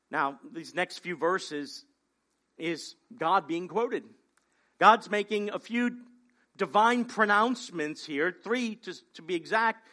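A man's voice: high voice, pushed and bright. A man preaching a sermon in an emphatic, conversational way, asking rhetorical questions and repeating key phrases.

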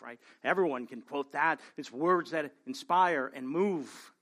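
A man's voice: a little high, measured pace, hardly any pauses, a bit bright. A male pastor preaching a sermon in an earnest way, often checking in with the congregation by asking "right?". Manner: earnest, keeps adding "right?" to his points.

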